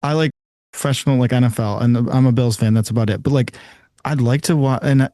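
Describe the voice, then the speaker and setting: A man's voice: mid-range voice, fairly even intonation, fast, warm tone, no room sound, clean studio sound. A man co-hosting a podcast in a laid-back, casual chat, often acting out little quoted exchanges. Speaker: podcast co-host.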